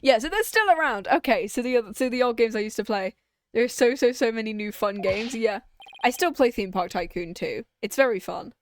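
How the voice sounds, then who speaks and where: A woman's voice: a little high, lively intonation, a little fast, no echo. Giggly young woman rambling over a game. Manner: rambling, giggly, easily sidetracked. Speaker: streamer. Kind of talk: casual let's-play chat.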